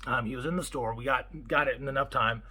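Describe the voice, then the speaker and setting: A man, a property manager, telling a story in a casual vlog and acting out the quotes in an excitable way. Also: mid-range voice, fast talker, breathy edge, poor audio. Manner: animated, excitable retelling with acted-out quotes.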